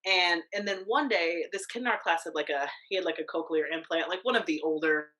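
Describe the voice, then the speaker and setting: A young woman co-hosting a podcast, telling a story in casual chat, animated, swearing freely, with lots of filler words. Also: lowish voice, fairly quick, rough recording. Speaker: podcast co-host.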